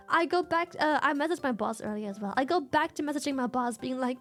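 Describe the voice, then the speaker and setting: High-voiced woman telling animated stories. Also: fast talker, few pauses, faint music behind. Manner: animated, profane storytelling with frequent laughs. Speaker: streamer. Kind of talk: casual livestream chat.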